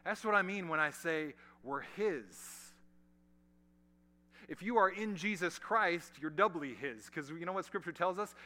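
A male pastor preaching a sermon to a large congregation, swinging from loud emphasis to hushed, almost whispered lines, with casual asides to the room. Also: sits high, expressive, a little slow. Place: large church hall.

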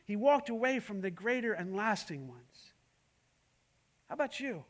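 High-voiced preacher with emphatic delivery. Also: male voice, sing-song, normal speed. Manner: emphatic, swings between loud and hushed, many rhetorical questions. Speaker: pastor. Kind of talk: sermon.

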